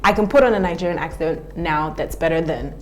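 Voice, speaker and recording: A woman's voice: low voice, quick pace. Frank woman with a London accent. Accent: British, London. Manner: frank, animated storyteller. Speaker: TV host and actress, guest. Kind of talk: casual chat.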